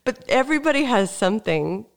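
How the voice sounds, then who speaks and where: A woman's voice: fairly high pitch, very animated, brisk, gravelly. A woman hosting a podcast in a casual interview, upbeat and playful. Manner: upbeat, playful, laughs easily. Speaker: podcast host.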